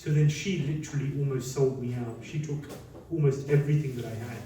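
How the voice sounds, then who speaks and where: A man, a monk, telling lively stories in a talk and acting out what people said. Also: mid-range voice, a little fast, a little hiss or hum. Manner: lively anecdotal storytelling, acts out quotes. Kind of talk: storytelling talk. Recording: very echoey hall, mic at a distance.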